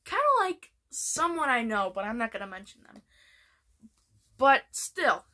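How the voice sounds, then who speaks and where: A woman's voice: fairly high pitch, very animated, unhurried, pushed and bright. A woman chatting casually in a vlog, rambling with many restarts. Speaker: vlogger. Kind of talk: casual vlog chat ranking TV shows.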